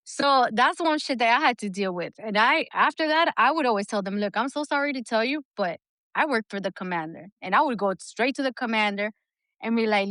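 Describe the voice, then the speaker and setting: A woman co-hosting a podcast as an Army veteran, telling a story in a candid, blunt, profane and animated way. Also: a little high, a little fast, no echo, studio quality.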